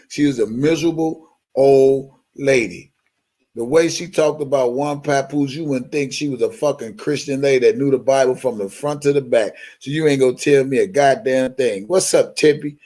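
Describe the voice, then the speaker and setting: A man's voice: medium pitch, dark tone. A man with a Baltimore accent, hosting a live stream in a profane, heated rant.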